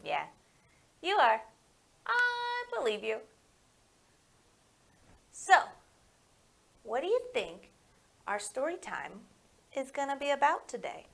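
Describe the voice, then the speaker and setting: A woman librarian leading a story time for young children, talking to them directly in a sing-song way and reading picture books aloud with slow care. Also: high voice, very animated, creaky, fairly bright tone.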